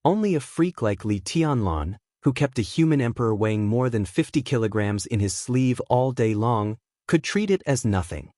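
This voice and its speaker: A man narrates a martial-arts fantasy audiobook in a steady, even reading voice. His pitch sits right in the middle. The recording is dry and close, with no room sound at all. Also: normal speed, few pauses, no echo.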